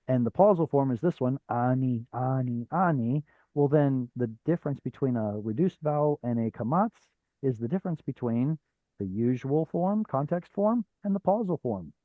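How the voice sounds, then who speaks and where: A patient man leads a live online class, explaining slowly and stopping often on fillers. His voice comes through a narrow, phone-like video call line. The sound is dry, with no room around it. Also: medium pitch, lively intonation, dry recording. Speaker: Hebrew teacher.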